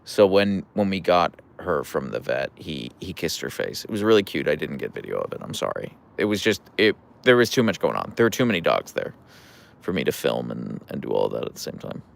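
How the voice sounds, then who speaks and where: A tired, relaxed man hosting a casual livestream, rambling with fillers as he answers viewer comments. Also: rumbling low, fairly quick, creaky. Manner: relaxed, rambling, with fillers, soft coos to the dogs. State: tired, yawning. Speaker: livestream host with pet huskies.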